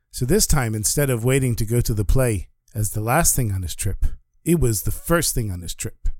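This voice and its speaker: A man telling a religious story in a vivid, animated way. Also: medium pitch, normal speed, hardly any pauses, dry recording, studio quality.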